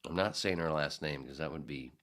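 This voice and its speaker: A man's voice: a bass voice, a little fast, fairly bright tone. A man hosting a casual podcast, reading out chat comments and rambling through crude, profane jokes. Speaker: podcast host.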